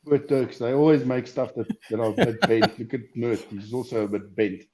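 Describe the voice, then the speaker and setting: Crude, teasing host. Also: male voice, medium pitch, fairly even intonation, a little fast, dark tone. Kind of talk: casual live-stream banter. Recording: muffled lo-fi audio.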